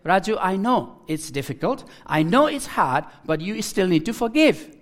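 A man voicing his gentle, devout foster mother, speaking in a calm, earnest and pleading way. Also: high voice, normal speed. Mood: gently urging.

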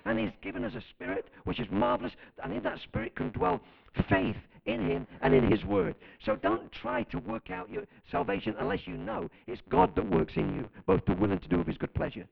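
Male pastor, emphatic sermon delivery, slightly high gravelly voice, lo-fi recording. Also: very animated, fairly quick, hardly any pauses. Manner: fervent, emphatic preaching with calls to the congregation.

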